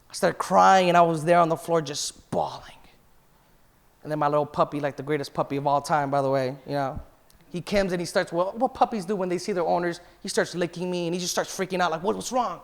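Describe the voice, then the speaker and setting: A man's voice: high voice, quick pace, gravelly. A man in his thirties, a pastor, giving an emotional personal testimony in a church sermon. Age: 30s. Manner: emotional, confessional, quotes himself and others.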